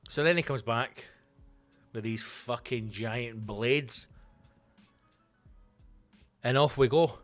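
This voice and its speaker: A Scottish man in his thirties, a comedian hosting his own show, telling stories in a loose, swearing, animated way. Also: medium pitch, slow pace, pauses often, faint music behind. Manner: swearing, animated storytelling with voiced asides. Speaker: comedian podcast host. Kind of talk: casual comic monologue.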